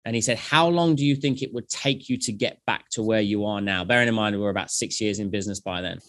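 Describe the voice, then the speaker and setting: A man's voice: lowish voice, fast talker, dry recording. Aussie founder guy telling stories, plays all the parts, dry sound. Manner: animated storyteller acting out past conversations. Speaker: guest, company founder. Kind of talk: casual podcast interview.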